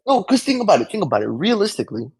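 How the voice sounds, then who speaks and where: Young guy, husky gravelly voice, animated swaggering banter on a podcast. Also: high-pitched, rapid-fire, no echo. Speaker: podcast co-host. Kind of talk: casual chat.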